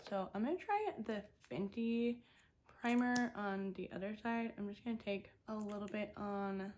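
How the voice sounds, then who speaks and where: A woman's voice: mid-range voice, moderate pace, a little mellow, a little hiss or hum. A young woman vlogger chatting casually as she swatches eyeshadow and talks through each makeup step. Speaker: beauty vlogger. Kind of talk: casual makeup tutorial talk.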